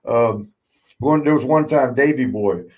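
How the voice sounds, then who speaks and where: A man's voice: medium pitch, a little slow. Laughing, swearing older man. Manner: laughing often, swearing, lively retelling with voiced quotes. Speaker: podcast host, former wrestler. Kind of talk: casual storytelling chat.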